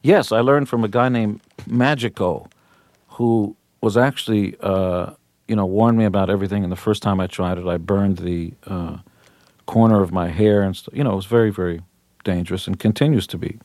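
A brash man in his fifties talks in a low voice on a radio interview. His talk is boastful and punchy. The studio sound is dry and close. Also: normal speed, darkish tone, no room sound. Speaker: rock musician guest.

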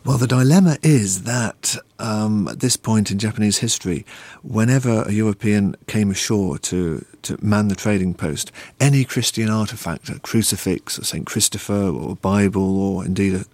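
A low-voiced man talks as an author in an interview, reading a passage and then explaining it. He speaks thoughtfully, with many ums and pauses. The recording is dry and close. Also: a little mellow, dry recording. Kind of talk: interview answers and book reading.

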